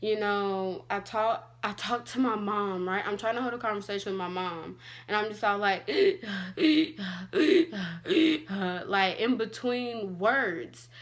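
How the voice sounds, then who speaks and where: A woman's voice: mid-range voice, steady tone, normal speed, a bit bright. A young adult woman vlogging, telling a personal story in a casual, chatty way with lots of "like". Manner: chatty, fillers like "like" and "all like".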